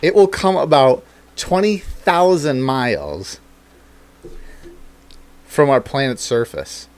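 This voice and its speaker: A man in loose conversation, talking in a rambling, profane way with frequent laughter. His voice sits at an ordinary middle pitch. He sounds like a regular host chatting with a friend. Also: huge pitch swings, takes it slowly, smooth. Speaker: podcast host. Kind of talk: casual chat.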